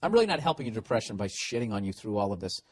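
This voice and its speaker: A man hosting a podcast, reading listener letters aloud and answering them in a loud, profane, sarcastic comedic rant. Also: fairly low pitch, sing-song, very fast. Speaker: podcast host giving advice.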